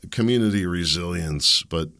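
A man with a low voice hosts a solo commentary show, speaking at normal speed in a pushed, bright tone. As a podcast host he rambles, stays opinionated and throws in sardonic asides, including mocking put-on quotes.

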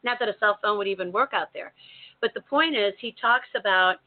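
A woman co-hosting a talk show, telling a story in a casual, animated way with many restarts. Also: medium pitch, fairly quick. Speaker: co-host. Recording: narrow phone-like sound.

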